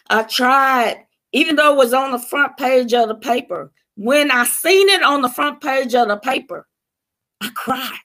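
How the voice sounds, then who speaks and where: Slow-spoken, higher-voiced woman testifying. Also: a bit bright. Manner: earnest, emotional storytelling. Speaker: guest sharing her testimony. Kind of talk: personal testimony on a talk show.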